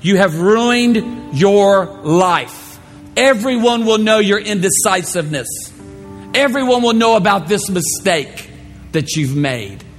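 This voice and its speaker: Man playing a jeering accusing spirit in a sermon; higher, louder, stretched words, reverberant hall. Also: expressive. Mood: taunting. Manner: mocking, drawn-out, higher and louder. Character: taunting accusing male spirit, the enemy. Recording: echoey hall with faint music.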